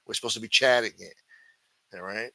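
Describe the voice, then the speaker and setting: A livestream host with a fairly low, gravelly voice talks fairly quickly on a dry recording with no echo. He swears constantly in a profane live chat rant, loudly taunting viewers and then muttering as he answers the chat, swinging between shouting and muttering.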